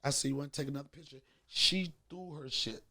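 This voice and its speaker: A man's voice: fairly high pitch, fast talker, bright, forceful tone. A middle-aged man hosting a podcast, telling a profane comic story with lots of animation and acted-out voices. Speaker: podcast host. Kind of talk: comedic storytelling.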